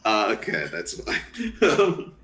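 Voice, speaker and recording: A man playing a tabletop game, chatting casually and halting mid-sentence. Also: on the low side, huge pitch swings, bright, forceful tone. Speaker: player.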